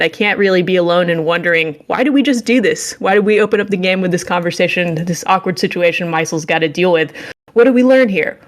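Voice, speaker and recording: Young female co-host, a touch low-pitched, sarcastic and playful, acts out the scenes as she retells them. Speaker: podcast co-host reviewing games. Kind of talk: casual comedic game recap.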